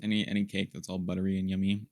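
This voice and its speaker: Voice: deep voice, little pitch movement, rapid-fire, a little mellow, no room sound. A podcast co-host chatting casually and animatedly about snacks and games. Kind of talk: casual chat.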